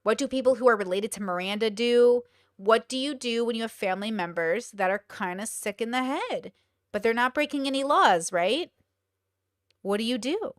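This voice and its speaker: A young woman hosts a casual live stream, her voice sitting slightly high. She talks bluntly and swears freely, piling up rhetorical questions. The sound is dry and close. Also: animated, moderate pace, dry recording. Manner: blunt, profane and exclaiming. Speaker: streamer host.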